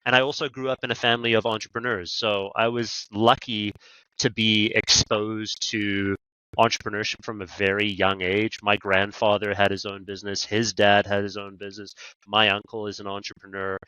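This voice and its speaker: A man's voice: on the low side, flat delivery, moderate pace, sharp tone, clean tone, dry recording, muffled recording. A man with a Canadian accent, a podcast guest talking about negotiation training in a conversational interview, telling stories animatedly with quoted asides.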